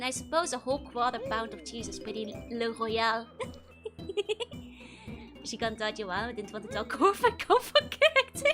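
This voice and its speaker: Giggly high-voiced woman streaming a game. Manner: giggly, chatty, reads chat aloud. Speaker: VTuber streamer. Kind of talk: casual let's-play commentary. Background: game music.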